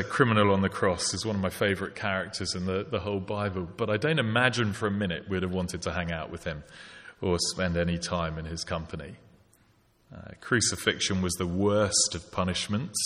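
A man's voice: deep voice, fairly bright tone. A man preaching a sermon, reflective and full of rhetorical questions. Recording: long hall reverb.

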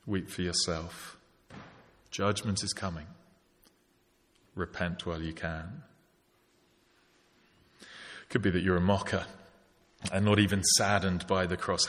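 A man's voice: low-pitched, fairly bright tone. A man preaching a sermon, reflective and full of rhetorical questions. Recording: long hall reverb.

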